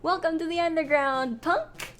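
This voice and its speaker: A brash, boisterous female fish warrior, as a woman puts her on, shouting and teasing, pitched up high over her usual voice. She sounds loud and pushy, like a tough game character. Music plays clearly underneath. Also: expressive, a little fast. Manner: shouty, boisterous, calls people punk. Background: background music.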